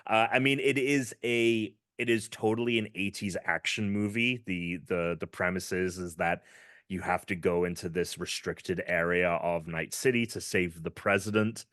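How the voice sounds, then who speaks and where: A man's voice: sits low, fairly even intonation, normal speed, a bit bright, no echo, clean studio sound. A British man co-hosting a casual gaming podcast, rambling with lots of fillers as he enthuses. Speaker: podcast co-host.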